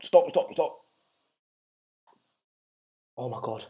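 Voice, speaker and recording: A man's voice: mid-range voice, expressive, very slow, warm tone. A man with an English accent hosting a live stream, chatting casually and reading out viewer comments in a rambling, jokey, self-deprecating way. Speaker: livestream host.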